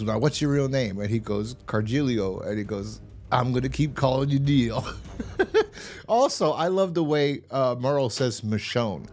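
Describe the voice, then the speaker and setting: Rambling low-voiced man recapping a show. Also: a little hiss or hum. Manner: rambling, profane, retells scenes with quoted lines. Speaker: show reviewer. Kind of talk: casual recap and commentary.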